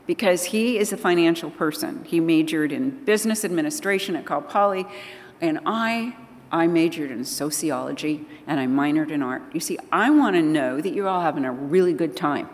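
A woman's voice: sits low, normal speed. Older woman telling stories, echoing hall. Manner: animated, acting out conversations. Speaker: speaker at a church gathering. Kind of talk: storytelling talk to an audience. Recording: long hall reverb.

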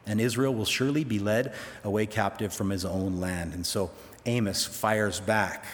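A man's voice: fairly low pitch, steady tone, moderate pace, in a large hall. Folksy male Bible teacher. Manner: folksy, with casual asides to listeners. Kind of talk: conversational sermon.

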